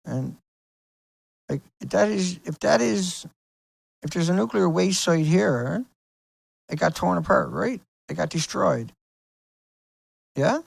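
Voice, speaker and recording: A man's voice: high-pitched, lively intonation, takes it slowly, vocal fry, pauses often, breathy edge, dry recording. A man hosting his own video, talking casually and insistently over pictures on screen, asking rhetorical questions as he rambles. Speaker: video host.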